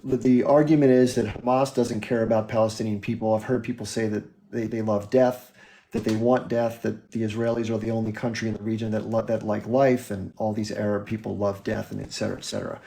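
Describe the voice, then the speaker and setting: An American man hosting a livestream debate, calm and lecturing, often addressing the caller by name. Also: lowish voice, a little fast, creaky, slight background noise. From United States. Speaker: livestream host.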